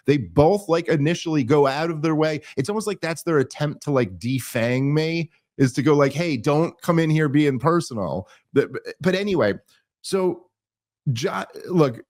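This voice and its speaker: A man hosting a podcast, telling a story in casual chat, animated and full of restarts and mocking asides. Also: on the high side. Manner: animated, mocking quoted voices, many restarts. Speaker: podcast host.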